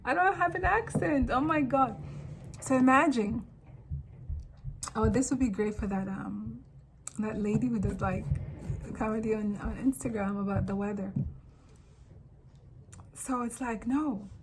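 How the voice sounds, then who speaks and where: A woman from Africa talking straight to camera in a casual, animated monologue, full of rambling asides. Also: on the high side, measured pace, pauses often, noisy background. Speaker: vlogger.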